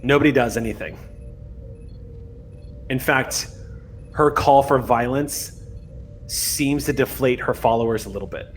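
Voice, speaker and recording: A man narrating a tabletop role-playing game as game master, in a measured, dramatic way. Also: medium pitch, faint music behind.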